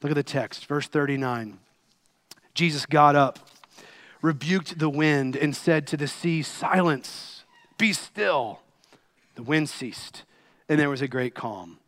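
A man preaching a sermon, impassioned, swinging between loud pleading and hushed quiet. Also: a little high, a little slow.

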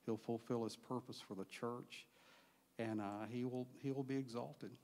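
A man sharing a personal testimony in church and reading scripture aloud, speaking haltingly with fillers and restarts. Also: mid-range voice, steady tone, darkish tone. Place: church sanctuary. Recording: long church reverb.

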